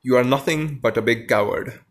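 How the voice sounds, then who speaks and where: A man's voice: medium pitch, moderate pace, lightly acted. Dorothy, as a man reads her as an earnest little girl. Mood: indignant. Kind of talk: storybook reading.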